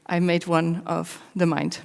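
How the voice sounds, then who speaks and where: A woman giving a live conference talk, candid and personal, with wry self-mocking asides and measured pauses between short phrases. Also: on the low side, flat delivery, vocal fry, a little mellow. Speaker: conference speaker. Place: large conference hall. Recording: long reverb of a big hall.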